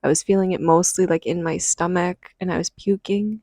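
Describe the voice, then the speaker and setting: A woman telling a deeply personal story, halting and earnest, with sighs and restarts between phrases. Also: fairly even intonation, dark tone, no echo, studio quality. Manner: earnest and confessional. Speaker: podcast host. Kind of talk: personal testimony.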